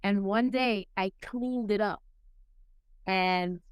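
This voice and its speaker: A middle-aged woman from Puerto Rico, raised in New York City, telling her life story as a podcast guest in a lively way, acting out the people she quotes. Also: slow, clean tone, dry recording. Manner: animated, acts out quoted people with rising pitch. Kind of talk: casual storytelling interview.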